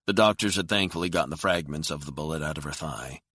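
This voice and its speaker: A man narrating a thriller audiobook in a steady, measured reading. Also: a bass voice, dry recording.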